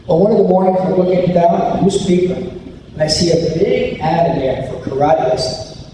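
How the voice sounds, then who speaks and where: Animated man telling a story in an echoey hall. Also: fairly high pitch, moderate pace, background noise. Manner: animated storyteller acting out quotes. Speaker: anti-bullying speaker. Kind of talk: storytelling school assembly talk. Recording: echoey hall recorded from far off.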